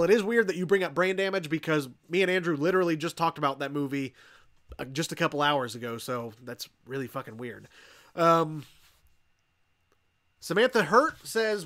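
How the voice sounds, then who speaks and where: A man's voice: high voice, fairly bright tone. A young man hosting a casual horror-movie livestream, rambling and swearing, laughing often. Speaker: podcast host.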